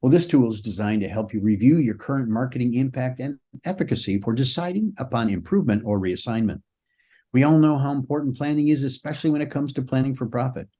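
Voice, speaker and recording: A man's voice: medium pitch, fast talker, warm tone, no room sound, clean studio sound. A man co-hosting a small business podcast, explaining a sales example in a casual way with small slips. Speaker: podcast co-host.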